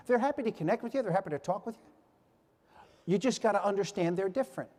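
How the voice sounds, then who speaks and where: A man's voice: sits high, lively intonation, a little fast, long pauses, a little mellow. A man in his sixties giving a motivational keynote speech in a large hall, telling stories and acting out the voices of the people in them. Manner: storytelling, acts out quoted voices. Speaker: keynote speaker. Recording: long hall reverb.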